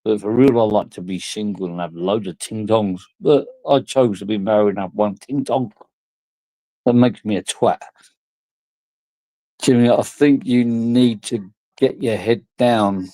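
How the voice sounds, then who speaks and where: A man's voice: mid-range voice, measured pace, pauses often, mellow, no echo. A drunk man, rambling crudely and giggling through a casual vlog chat. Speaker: vlogger.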